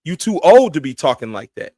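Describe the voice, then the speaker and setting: High-voiced man ranting on a live stream. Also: big pitch swings, a little fast, dark tone, no echo. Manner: blunt, heated, profane ranting. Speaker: streamer host. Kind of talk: casual live-stream commentary.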